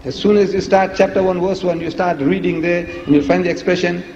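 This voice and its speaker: A man lectures emphatically, firing rhetorical questions with a lively, teasing edge. His voice sits a little high. The old recording sounds dull and lo-fi, with a long echo from a large hall. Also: a little fast. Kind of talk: public lecture played in a reaction video.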